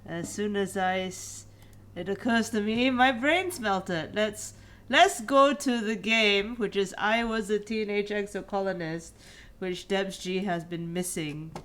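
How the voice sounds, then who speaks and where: A woman's voice: medium pitch, measured pace, a bit bright, a little hiss or hum. A woman co-hosting a let's play stream, chatting and reading the game's narration aloud in an easy, slightly tired way. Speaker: streamer co-host.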